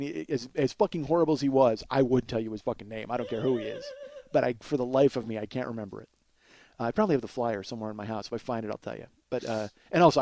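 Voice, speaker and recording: A man hosting a comedy podcast, telling a long rambling anecdote full of swearing and restarts, and doing quick voices of the people in it. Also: mid-range voice, warm tone. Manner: mimics other people's voices. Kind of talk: storytelling monologue.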